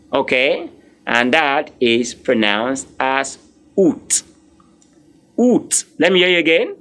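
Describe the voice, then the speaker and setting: A man teaching French, drilling words slowly, spelling them letter by letter and encouraging his learners. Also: fairly high pitch, a bit bright. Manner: encouraging, speaks directly to learners. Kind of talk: live online language lesson.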